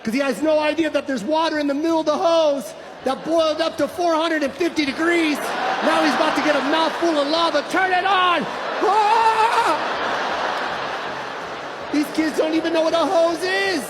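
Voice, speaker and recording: A middle-aged man doing stand-up with a strikingly high voice, ranting loudly and nostalgically. A big audience roars around him and loud noise fills the recording. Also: moderate pace, a loud crowd. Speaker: stand-up comedian. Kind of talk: stand-up routine. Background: roaring audience.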